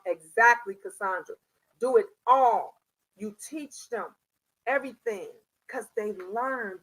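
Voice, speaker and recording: A woman's voice: on the high side, rough recording. A middle-aged woman, hosting a livestream and giving parenting advice in a preachy, repetitive way while answering chat. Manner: preachy, repeats lines for emphasis, reads chat names. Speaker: livestream host. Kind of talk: casual live-chat monologue.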